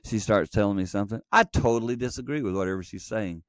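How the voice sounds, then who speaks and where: A man's voice: lowish voice, fast talker, no room sound, studio quality. A middle-aged man telling a personal story earnestly, acting out quoted dialogue, as a podcast guest. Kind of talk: conversational storytelling.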